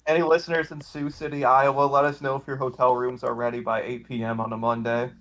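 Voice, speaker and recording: Bright-voiced man making wry asides. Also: mid-range voice, level tone, fast talker, poor audio. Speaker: podcast co-host. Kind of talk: casual comedic recap chat.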